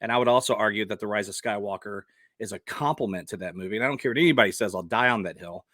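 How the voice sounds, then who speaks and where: A man's voice: on the low side, racing, a bit bright, dry recording, clean studio sound. A man in his forties giving his blunt, passionate opinions in a casual vlog, often throwing out rhetorical questions. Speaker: vlogger.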